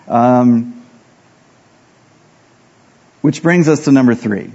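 A man's voice: mid-range voice, slow, pauses often, darkish tone, husky, highs cut off. A man preaching a sermon as pastor, telling self-deprecating stories and acting out the dialogue.

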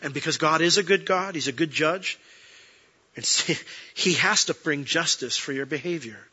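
A man preaching a sermon as a pastor, earnest, swinging between emphatic peaks and soft, quiet moments. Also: fairly high pitch, normal speed, breathy edge, highs cut off.

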